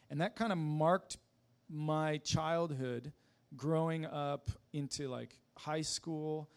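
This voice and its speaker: A man with a slightly high voice gives a personal testimony casually and haltingly, full of fillers, restarts, and self-deprecating laughs.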